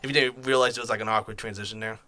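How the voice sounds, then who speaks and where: Quick, bright man, slightly out of breath. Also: on the low side, fairly even intonation. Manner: quick, blunt, swears casually. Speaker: podcast co-host. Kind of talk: casual sports chat.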